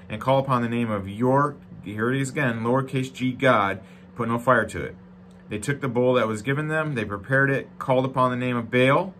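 A male pastor preaching a sermon, reading scripture aloud with joking asides, going from loud, emphatic lines to quiet, low-voiced reflection. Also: slight background noise. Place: church.

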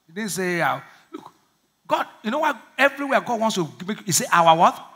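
Man, pastor preaching, high bright voice, call-and-response, acts out little voices. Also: sing-song, fairly quick. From Nigeria. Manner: acts out prayers in small voices. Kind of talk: sermon.

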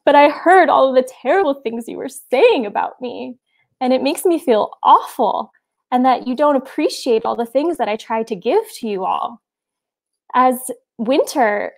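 Lady doing sad winter spirit in a story, sobby and hurt, a bit high and gravelly. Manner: sobbing, wounded and pleading. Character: grieving female spirit of Winter, tearful.

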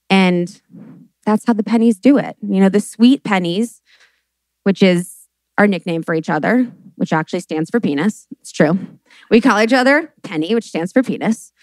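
A chatty woman in her late twenties hosts a live podcast, spilling stories in a lively rush. Her voice sits in a middle pitch and sounds dry and close, with no room echo. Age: late 20s. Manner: animated and chatty, full of fillers and swearing. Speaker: podcast host.

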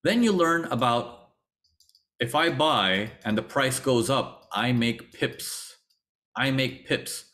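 A man's voice: medium pitch, takes it slowly. A man teaching a trading webinar, telling his own story with acted-out thoughts and repeated phrases. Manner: animated storytelling, acts out his past thoughts. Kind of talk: webinar lecture.

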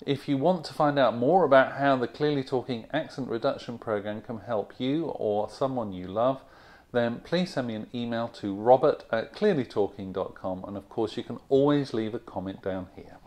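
Man, coach, friendly video lesson, rhythmic emphatic delivery, mid-pitched. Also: a little mellow. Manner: rhythmic, stresses words with emphasis. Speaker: accent coach.

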